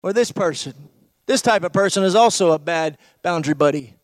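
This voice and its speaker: A male pastor preaching a sermon, emphatic, full of rhetorical questions and swings from loud to hushed. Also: high-pitched, expressive, a little fast, no echo.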